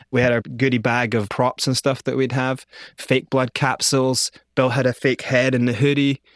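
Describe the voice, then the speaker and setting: Male guest, animated storyteller, mid-range pitch, dry close sound. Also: dry recording. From Scotland. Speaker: interview guest. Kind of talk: storytelling in a conversational interview.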